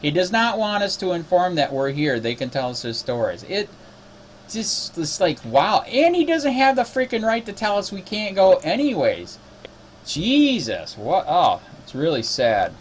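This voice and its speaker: Indignant man, activist, loose rambling recap, slightly high voice. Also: very animated, a little slow, slight background noise. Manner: indignant, exasperated. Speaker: cop watch activist. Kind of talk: casual spoken recap.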